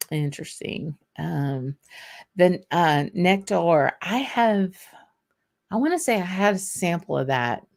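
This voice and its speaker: Answering viewer comments on her relaxed whisky livestream, a deep-voiced woman with a Southern US accent keeps things loose. Her talk is full of ums and laughter.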